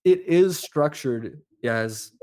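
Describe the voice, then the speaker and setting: Man telling lively studio stories. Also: fairly high pitch, takes it slowly. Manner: lively storyteller, animated. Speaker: accent coach guest. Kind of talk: casual podcast chat.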